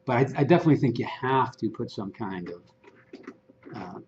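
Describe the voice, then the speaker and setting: Man, training presenter, animated and chatty, slightly muffled room recording. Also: mid-range voice, normal speed, a little hiss or hum. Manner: animated, conversational, acts out dialogue. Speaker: real estate agent and trainer.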